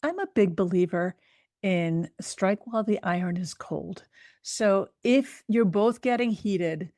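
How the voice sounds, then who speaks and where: A woman's voice: medium pitch, measured pace, warm tone, dry recording, clean studio sound. A woman psychologist answering a parent's question, chatty and laughing, acting out what parents might say. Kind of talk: advice Q&A.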